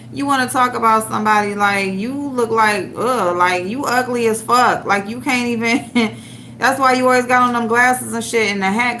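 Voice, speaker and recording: In a ranting livestream, a woman trash-talks and mocks someone, swearing heavily as she searches for a clip for her audience. Her fairly high voice sounds bright and forceful over a bit of background noise.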